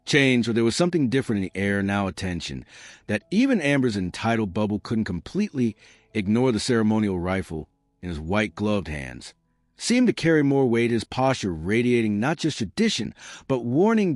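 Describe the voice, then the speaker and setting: A man narrating a scripted story in a steady storytelling manner. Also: lowish voice, normal speed, no echo.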